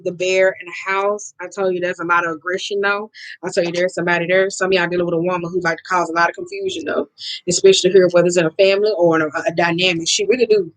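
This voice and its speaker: A woman reads oracle cards for her viewers in a casual, outspoken way, swearing freely and addressing them directly. Her voice sits fairly low for a woman, and the sound is dry and close, with little room around it. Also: no room sound, low-quality recording. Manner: blunt, profane and expressive, talking straight to viewers. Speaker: oracle card reader. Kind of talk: casual card reading vlog.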